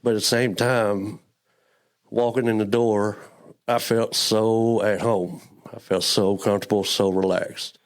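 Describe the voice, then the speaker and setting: A man with a drawl shares his faith story in an earnest, halting way, often stumbling over and repeating his words. His voice sits fairly low and he sounds close to tears. It is heartfelt testimony, told as an interview guest. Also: flat delivery. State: emotional, near tears. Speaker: church member guest.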